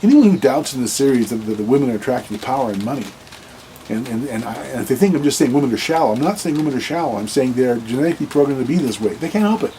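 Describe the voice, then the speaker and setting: A man's voice: mid-range voice, lively intonation, quick pace, dark tone, a little hiss or hum, rough recording. A man giving blunt dating advice in a casual monologue to camera, rambling, restarting sentences and repeating words.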